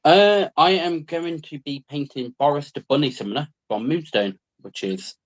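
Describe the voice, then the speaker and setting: A man's voice: on the high side, moderate pace. A man on a hobby livestream as the guest, talking in an easygoing, hesitant way. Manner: easygoing, hesitant, says um a lot. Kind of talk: casual livestream chat.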